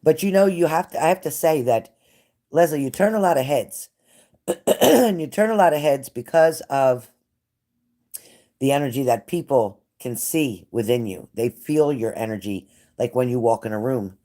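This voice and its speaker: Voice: mid-range voice, expressive, normal speed, warm tone. Chatty, fervent live-stream psychic reader. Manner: chatty, repeats phrases, talks straight to viewers by name. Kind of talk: casual live-stream reading.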